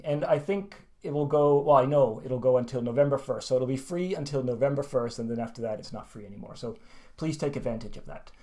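A man's voice: a little high, mellow. Chatty, self-deprecating male English teacher. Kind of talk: casual video lesson outro.

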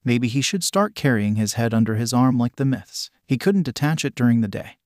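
A man narrating a story in an even, literal reading that spells out symbols. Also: mid-range voice, fairly quick, no echo, studio quality.

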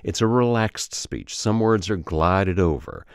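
A man's voice: deep voice, a little slow, smooth, dry recording, clean studio sound. A man from Alabama with a Southern accent, teaching an accent lesson as an acting coach in a friendly, explaining way. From Southern United States. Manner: friendly teaching, exaggerated drawled example sentences. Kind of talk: accent tutorial.

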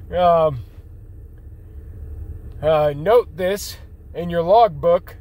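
A man rambling casually in a video blog, reassuring his viewers in a folksy, drawn-out way. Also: a little high, dark tone. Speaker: vlogger.

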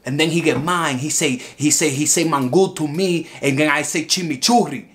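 An actor playing an angry, boastful heckler who speaks broken English and rambles, bursting into shouts. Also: male voice, a little high, brisk, natural voice. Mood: indignant. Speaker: heckler filing a lawsuit.

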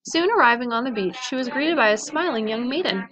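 A woman teacher reading a children's picture book aloud in a clear, gentle storytelling voice. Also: a little high, lively intonation, brisk, a crowd in the background, low-quality recording.

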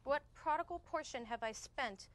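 A woman's voice: high-pitched, moderate pace, slight background noise, close to an everyday voice. An actress playing a strict female professor who keeps trying to get her class back to the reading. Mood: stern. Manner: firm, impatient, keeps redirecting the class. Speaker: actor in a conference skit.

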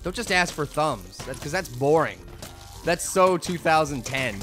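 A goofy young man rambles through casual let's-play commentary, cracking jokes and teasing himself. His voice is bright and forceful, pitched a touch high. Game music plays faintly underneath. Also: animated, measured pace. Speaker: gaming YouTuber.

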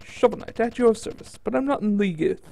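A man's voice: high voice, animated, fast talker, gravelly, dark tone, slight background noise, pitched above the performer's own voice. A man voicing an earnest, polite male knight hero who speaks formally.

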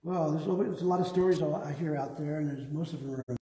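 A man guiding a live museum tour, telling lively stories about his father's art. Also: a little high, fast, echoey room, long reverb tail, poor audio. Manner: animated anecdotes, acts out his father's lines. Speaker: museum guide, artist's son. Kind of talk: casual storytelling on a live tour. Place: art museum gallery, indoors.

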